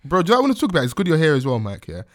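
A man with a slight lisp hosts a casual podcast chat, his voice sitting a little high and swinging up and down a great deal. He talks in loose slang, with laughter breaking into the banter. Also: huge pitch swings, very fast. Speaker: podcast host.

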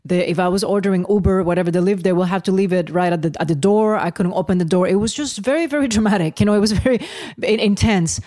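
A woman hosting a casual chat, telling stories with animated emphasis and laughter. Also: mid-range voice, fast talker, few pauses, dry recording, clean studio sound.

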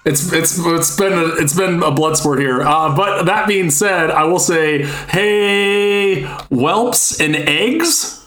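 High-voiced jokey man, roomy sound. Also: slow pace, hardly any pauses, a bit bright. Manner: jokey, rambling, laughs often. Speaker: podcast co-host. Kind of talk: casual chat.

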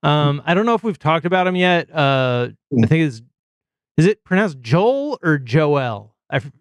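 A man's voice: a little high, a little fast, clear, resonant tone, no room sound. A man hosting a casual sports podcast, chatty and reeling off player stats with plenty of fillers. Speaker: podcast host.

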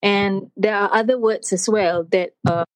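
A female host explains words of the day in a relaxed studio chat, playing up her own reactions with lively surprise. Her mid-range voice keeps a measured pace, and the recording is rough but free of room sound.

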